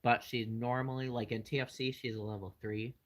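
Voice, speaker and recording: A man's voice: mid-range voice, little pitch movement, fairly quick, rough recording. A man hosting his channel, casually answering live chat questions in a rambling way with lots of fillers.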